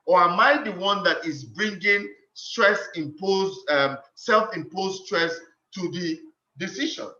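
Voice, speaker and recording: A man's voice: high voice, slow pace, pushed and bright. A man giving a motivational teaching talk on leadership, earnest and instructive, often repeating phrases for emphasis. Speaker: leadership speaker. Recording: roomy, dull lo-fi sound.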